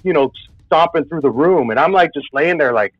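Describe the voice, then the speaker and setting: In a casual, meandering way packed with filler, a man recounts a spooky personal experience. His voice is on the high side, expressive and a little fast. The audio is dry, dull and lo-fi, and faint music plays.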